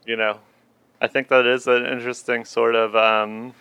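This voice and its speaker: A man's voice: medium pitch, little pitch movement, normal speed, pushed and bright, clean tone, no echo. A man in a casual film discussion, talking in a laid-back, rambling way.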